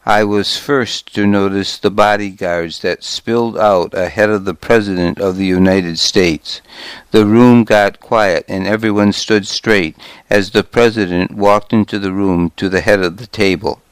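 Male volunteer audiobook reader, deep voice, crisp, dry close sound. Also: measured pace, no echo. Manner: calm, steady reading. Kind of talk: audiobook narration.

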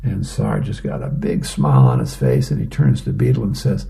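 A man reading the newspaper aloud in a plain, unhurried way for a reading program. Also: low-pitched, very animated, creaky, warm tone.

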